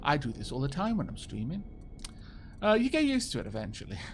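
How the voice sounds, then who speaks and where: A Welsh man chatting quickly and casually with his viewers while he plays a game, poking fun at himself as he goes. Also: a little high, huge pitch swings, creaky, a little hiss or hum. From Wales. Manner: fast-talking, chatty, self-mocking. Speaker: game streamer. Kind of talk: casual live-stream chat over gameplay.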